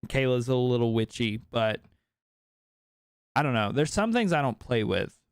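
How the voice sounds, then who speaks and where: A man in his late twenties telling a personal story in casual podcast chat, animated and full of swearing and filler words. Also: medium pitch, normal speed, clean tone, no echo, clean studio sound. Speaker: podcast speaker.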